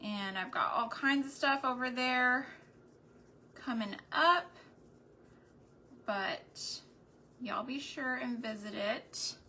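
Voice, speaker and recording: A woman with a Texan accent, raised in New Mexico, chats in a folksy, drawn-out way while working on a craft project. Her voice sits a little high, with a bright, forceful edge. A faint hum of room ambience sits behind her. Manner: chatty, folksy, slow and drawn out. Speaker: homesteading channel host. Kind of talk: casual chat while painting.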